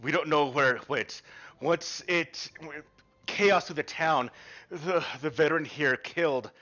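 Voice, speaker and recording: A man narrating a tabletop game as game master, describing scenes in an animated way with frequent ums. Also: fairly high pitch, a little slow, lo-fi sound.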